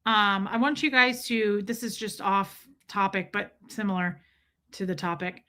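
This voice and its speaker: A woman's voice: mid-range voice, fairly even intonation, measured pace, bright, forceful tone. A middle-aged woman hosting a casual livestream, chatting confidingly and greeting viewers by name. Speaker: livestream host.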